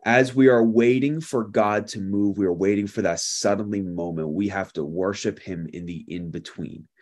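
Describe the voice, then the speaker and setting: A male pastor with a lowish voice preaches a sermon, recounting a lively story and acting out its characters with laughter.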